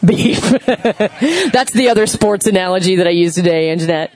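A woman pastor giving a sermon, telling a story in a conversational, animated way and asking the audience questions. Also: on the low side, moderate pace, slight background noise, poor audio.

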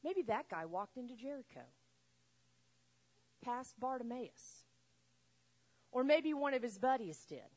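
A woman preaching a sermon, retelling a story with lively acted-out voices. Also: on the high side, measured pace, pauses often. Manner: animated, acts out voices in the story. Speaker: pastor.

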